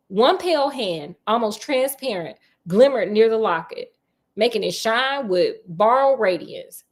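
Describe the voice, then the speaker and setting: A woman's voice: a little high, animated, unhurried. A woman reading a spooky children's novel aloud and breaking off for sassy, laughing asides. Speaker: storyteller reading a book aloud. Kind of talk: book reading with comedic asides.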